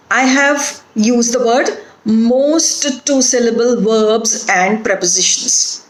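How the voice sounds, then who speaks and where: A woman lecturer teaching a phonetics lesson, slowly and carefully saying example words one at a time. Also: a little high, reverberant, poor audio. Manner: slow, deliberate, modelling words one by one. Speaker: university lecturer.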